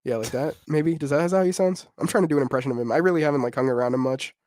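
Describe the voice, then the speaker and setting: A young man co-hosting a podcast, telling a rowdy story in casual slang, animated and laughing often. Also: a little high, racing. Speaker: podcast co-host.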